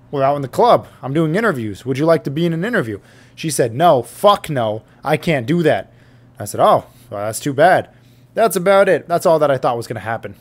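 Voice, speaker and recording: A young man with a somewhat high voice tells a story to his camera, swearing and fired up. His delivery is quick and exasperated, a running rant. He speaks close into a studio mic with a pop filter. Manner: profane, exasperated, fast storytelling. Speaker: YouTuber. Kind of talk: ranting storytime vlog. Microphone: studio mic on an arm with pop filter.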